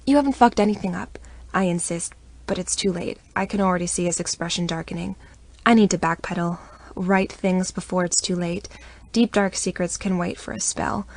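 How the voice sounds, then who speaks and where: A woman narrating a first-person romance audiobook in an intimate, expressive reading voice. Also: lowish voice, normal speed.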